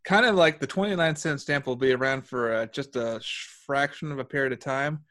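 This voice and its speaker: A man's voice: medium pitch, brisk, sharp tone. A man co-hosting a casual film review chat, reflective and a bit hesitant, often repeating words. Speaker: podcast co-host.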